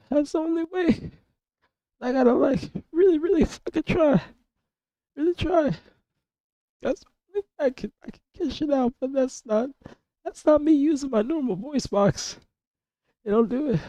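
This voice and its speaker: A young man streaming live with a hoarse, cracking voice from illness, rambling and swearing in casual chat. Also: very high-pitched, normal speed, pauses often, dark tone, no echo. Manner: coarse, rambling, swears a lot, repeats himself.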